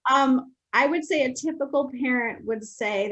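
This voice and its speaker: A woman hosting a podcast, responding warmly to her guest's stories. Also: sits high, moderate pace, low-quality recording. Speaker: podcast host. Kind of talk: casual interview chat.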